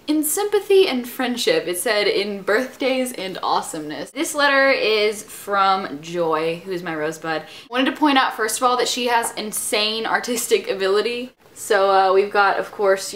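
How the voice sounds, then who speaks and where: A woman's voice: mid-range voice, fairly bright tone. A young woman chatting casually to her viewers as she opens and reads fan mail, bubbly and full of enthusiastic asides. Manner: bubbly, chatty, lots of fillers and enthusiastic exclamations. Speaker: vlogger answering fan mail. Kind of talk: casual vlog chat.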